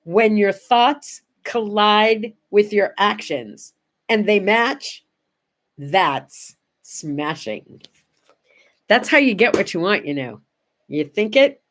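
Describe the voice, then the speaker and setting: An older woman hosting a casual morning chat show, talking chattily to her viewers and going soft on sad memories. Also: mid-range voice, lively intonation, unhurried, slight background noise. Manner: chatty, warm-hearted, goes quiet and soft on sad memories. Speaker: host.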